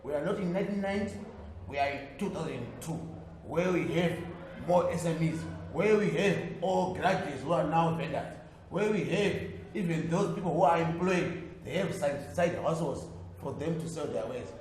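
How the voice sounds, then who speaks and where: Assertive Zimbabwean councillor in echoey room. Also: male voice, on the high side, moderate pace, a little mellow, a little hiss or hum. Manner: assertive, listing points with repetition. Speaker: city councillor on a panel. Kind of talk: panel debate answer.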